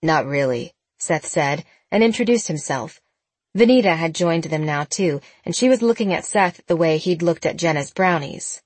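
A woman reading a story aloud as audiobook narrator, changing her pitch for the characters. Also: animated, moderate pace, darkish tone, no echo. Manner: shifts pitch for different characters. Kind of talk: scripted narration with character voices.

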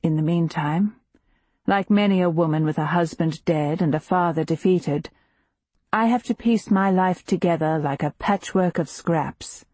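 A woman narrating a historical novel in the first person, in a measured, intimate and emotionally expressive reading. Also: on the low side, no echo. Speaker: audiobook narrator.

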